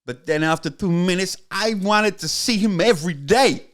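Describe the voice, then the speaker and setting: A man doing a slow, halting impression of a famous actor, pausing oddly between words. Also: high voice, fairly bright tone, voice pushed up. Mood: admiring. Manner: slow, halting drawl with odd pauses.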